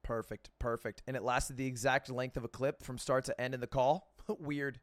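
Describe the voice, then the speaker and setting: A young man hosting a livestream, joking and getting excited about incoming numbers. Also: medium pitch, a little fast. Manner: playful, excitable, self-mocking. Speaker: livestream host. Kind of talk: joking live commentary.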